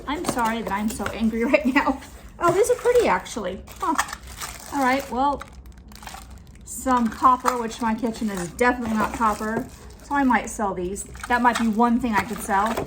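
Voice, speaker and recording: A woman's voice: a little high, background noise. A woman unboxing a returns box on her vlog, talking in a snarky, annoyed way. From California.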